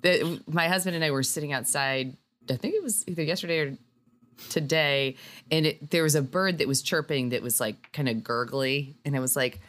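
A woman co-hosting a podcast in casual chat, giggly and animated. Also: deep voice, fairly quick. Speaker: podcast co-host.

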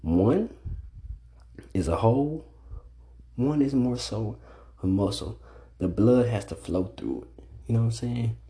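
A young man talks straight into his own podcast, alone and unscripted. His voice is dark and mellow, his delivery blunt and full of profanity, and he leans harder on his points as he goes. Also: medium pitch, expressive, a little slow, long pauses. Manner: blunt, profane, ranting with rising emphasis. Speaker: podcast host. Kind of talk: solo casual podcast monologue.

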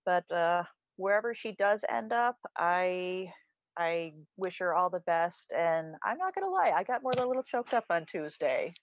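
An enthusiastic woman co-hosts a casual chat podcast, rambling through her points with plenty of fillers. Her voice is mid-pitched for a woman. The recording is dull and lo-fi, with a dry sound. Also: expressive, moderate pace, no room sound. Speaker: podcast co-host.

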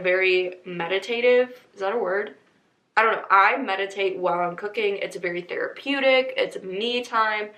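A woman's voice: medium pitch, a bit bright, roomy sound, rough recording. A young woman in her twenties hosting a podcast, chatting casually and upbeat, speaking straight to her listeners. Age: 20s. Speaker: podcast host. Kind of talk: casual chat.

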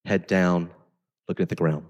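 A man preaching a sermon as pastor, talking conversationally and swinging between intense emphasis and quiet storytelling. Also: deep voice, flat delivery, moderate pace, long reverb tail, muffled recording.

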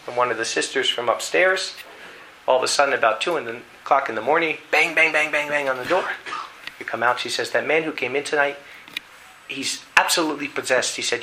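A man preaching a sermon, telling a dramatic story in an animated way and reading scripture aloud. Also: mid-range voice, slight background noise, poor audio. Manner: animated storytelling, acting out voices.

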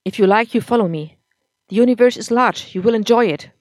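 A woman reading as an angry drunken husband, loud and harsh. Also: on the high side, fairly quick, no room sound, natural voice. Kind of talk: audiobook-style story reading.

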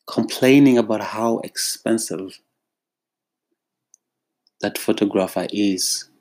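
South African male creative, direct-to-camera monologue; deliberate, exasperated delivery, low-pitched and unhurried. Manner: emphatic, exasperated, drawn-out phrasing. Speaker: freelance creative professional.

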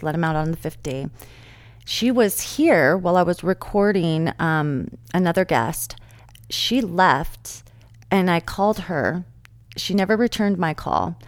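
A woman's voice: lowish voice, unhurried, no echo, clean studio sound. A woman hosting a casual conversation, telling stories animatedly and acting out what others said. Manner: animated storytelling, acts out quotes. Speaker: host.

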